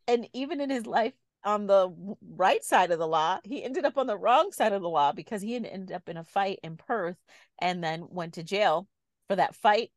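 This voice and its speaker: Telling a story on the podcast she co-hosts, a woman keeps things chatty and breaks into easy laughter. Her mid-range voice has lively intonation at a normal speed, recorded without echo.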